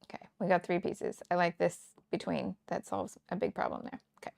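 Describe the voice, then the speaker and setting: A woman's voice: fairly low pitch, little pitch movement, a little fast, vocal fry, a little mellow, dry recording, clean studio sound. A woman in her forties from the Kansas City area, chatting and telling rambling stories with frequent laughs while she scrapbooks live. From United States, Kansas City area. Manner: chatty, rambling storyteller who laughs often. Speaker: scrapbooking teacher and livestream host. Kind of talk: casual crafting livestream chat.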